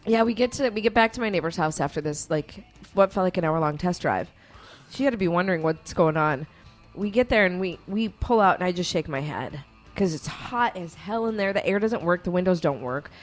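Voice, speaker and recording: A young woman hosting a casual morning radio chat, animated and acting out quotes as she tells a story. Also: on the low side, fairly quick, soft background music. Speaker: radio host.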